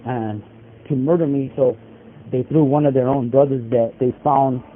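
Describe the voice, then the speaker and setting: A man in prison tells a story over a tinny phone line with faint hiss, his medium-pitched voice fairly even and at a normal speed. As the incarcerated interviewee, he rambles in casual street slang, full of fillers, likes and bros.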